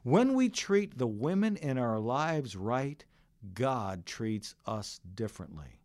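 A man's voice: medium pitch, very animated, takes it slowly, a little mellow, no echo, studio quality. A middle-aged man preaching a sermon as pastor, earnest and full of stories. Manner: earnest, storytelling preacher who varies his delivery.

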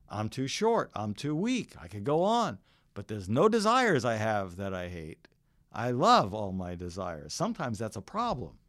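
A man's voice: medium pitch, dry recording, clean studio sound. A middle-aged man preaching a sermon as pastor, earnest and full of stories. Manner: earnest, storytelling preacher who varies his delivery.

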